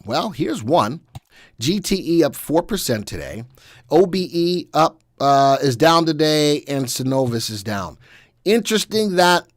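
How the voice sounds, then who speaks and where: A man hosts a live stock analysis broadcast, talking straight to his viewers as he clicks through charts. His voice sits a bit high and sounds dry and close, and he breaks into lively, folksy exclamations. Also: no room sound. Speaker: stock market analysis host.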